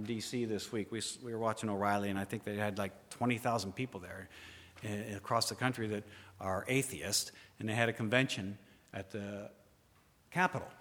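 A man's voice: on the low side, moderate pace. Man preaching in a reverberant hall. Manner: dramatic, questions the listeners directly, swings from loud to hushed. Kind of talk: sermon.

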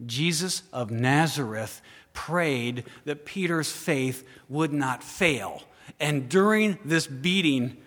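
Man preaching in a reverberant hall. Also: mid-range voice. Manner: dramatic, questions the listeners directly, swings from loud to hushed. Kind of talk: sermon.

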